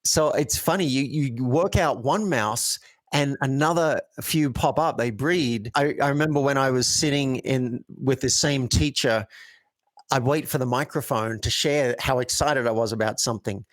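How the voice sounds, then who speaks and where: An earnest man speaking as a coaching guest, walking through stories and acting out how he would phrase things. His voice sits in a middling pitch. The sound is close and dry. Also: moderate pace, no room sound. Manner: earnest, storytelling, acts out example phrasings. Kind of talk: conversational interview.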